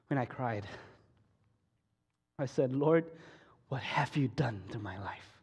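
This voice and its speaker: A man giving an emotional personal testimony sermon at a school week of prayer, swinging from soft to loud and slow, often repeating and restarting phrases. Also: mid-range voice, breathy edge. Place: school worship hall. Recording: echoey hall.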